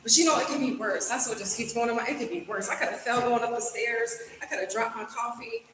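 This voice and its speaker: A woman's voice: on the high side, quick pace, background noise. A woman chatting casually with viewers on a live stream, walking in from the rain and then talking at home, a bit out of breath. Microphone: phone camera.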